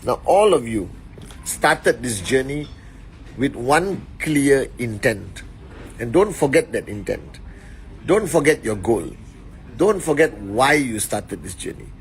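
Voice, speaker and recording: A man leading an upbeat live stream from his phone, rattling off greetings and shout-outs to his viewers. His voice sits in an ordinary middle pitch. A faint hum of the room sits behind him. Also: sing-song, takes it slowly. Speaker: network marketing leader. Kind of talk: motivational Instagram live. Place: indoors.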